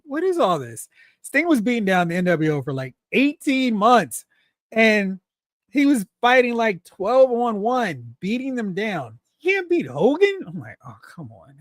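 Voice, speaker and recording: Male livestream host, slightly high voice, chatty and animated, close dry mic. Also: no room sound. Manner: animated, laughs often, acts out exclamations. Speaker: toy collecting livestream host. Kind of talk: casual livestream chat reading comments.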